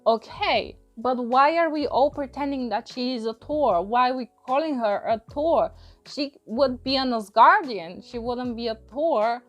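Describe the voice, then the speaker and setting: A woman's voice: high voice, a little slow, muffled recording. Exasperated woman reviewing a film, faint music behind. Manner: exasperated, rambling, frequent laughs and restarts. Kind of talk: casual spoken movie review.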